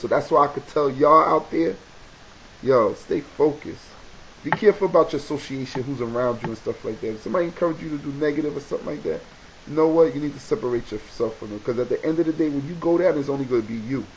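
A man's voice: mid-range voice, fast talker. New York man preaching lo-fi advice. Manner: animated, preachy, repeats himself for emphasis. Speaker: video blogger. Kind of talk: casual advice monologue to camera. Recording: dull lo-fi webcam audio with faint hiss.

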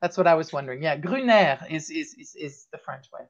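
A woman's voice: deep voice, steady tone, fast talker, muffled recording. A woman hosting a live online talk show, chatting casually with many restarts and easy laughter. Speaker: host.

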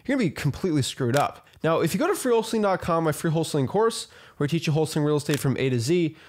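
Man, real estate wholesaling coach, fairly high-pitched voice, blunt, emphatic, casual slang. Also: expressive, racing, a little hiss or hum. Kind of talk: direct-to-camera teaching monologue.

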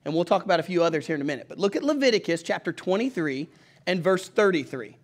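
A middle-aged man with a Southern country accent preaches in a fairly high voice. His delivery is folksy and conversational, with frequent calls for the congregation to follow along in their Bibles. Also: animated, fast. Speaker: pastor. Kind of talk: sermon.

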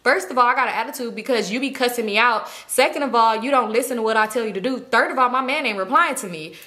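A young woman telling a story in a casual, animated, profane way, acting out what people said. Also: fairly high pitch, fast. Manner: animated, profane, acts out quoted voices. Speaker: storytime vlogger.

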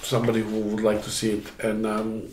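A man co-hosting a food vlog, making relaxed jokes and signing off the video while eating at home. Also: lowish voice, a little fast, background noise. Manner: relaxed, joking remarks. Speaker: food vlogger, co-host. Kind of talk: casual chat and channel sign-off. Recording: echoey room, faint clatter of dishes.

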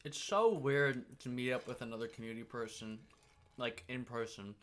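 A man's voice: mid-range voice, fairly even intonation, normal speed. Man, podcast co-host, casual chat, talkative, swearing, goofy voices. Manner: chatty, swears freely, breaks into silly voices.

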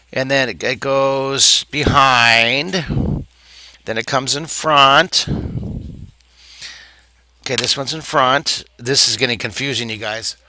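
A man's voice: mid-range voice, sharp tone. Playful, chatty man teaching drawing. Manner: chatty, playful, self-mocking. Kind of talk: live drawing lesson. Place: art camp in Texas.

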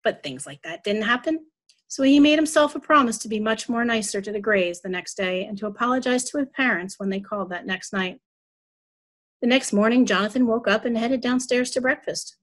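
Woman reader for a church service: children's story, fairly high voice, even narration. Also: brisk. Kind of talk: reading a children's story aloud.

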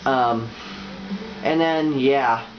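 A young man giving a casual video game tutorial, rambling and halting with lots of fillers and restarts. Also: medium pitch, highs cut off, noisy background. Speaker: YouTuber.

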